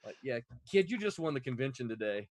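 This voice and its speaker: A man from Florida co-hosting a casual podcast chat, telling stories in a rambling, animated way full of restarts. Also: mid-range voice, quick pace, no echo. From Florida, USA. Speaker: podcast co-host.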